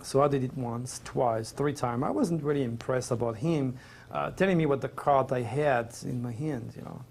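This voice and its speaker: A man's voice: mid-range voice, normal speed, creaky, a little mellow. A middle-aged man with a French accent, a native French speaker, tells a personal story as an interview guest in an earnest, rambling, emotional way. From Provence, France.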